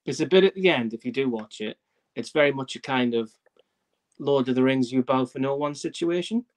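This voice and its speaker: Fast-talking man, chatty host. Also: mid-range voice. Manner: chatty storyteller, self-mocking. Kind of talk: casual live-stream chat.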